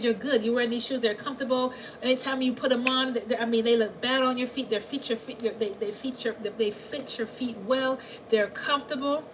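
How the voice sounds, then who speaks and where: Animated woman financial coach, high voice. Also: noisy background. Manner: animated, repeats herself, asks listeners if they hear her. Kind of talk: live coaching session.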